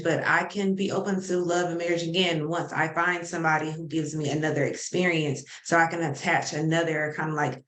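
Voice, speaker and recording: A woman's voice: sits low, fairly bright tone, roomy sound. A woman therapist explaining ideas earnestly in casual panel chat, often correcting herself mid-word.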